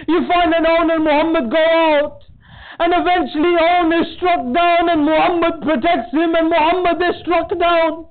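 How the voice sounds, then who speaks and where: In a community centre hall, a male majlis speaker delivers a mourning sermon in a very high, strained register, his narration swelling into a wailing, tearful lamenting chant. Despite that, the delivery is flat at a moderate pace, and the thin, tinny recording sounds like a phone line with the low end cut away.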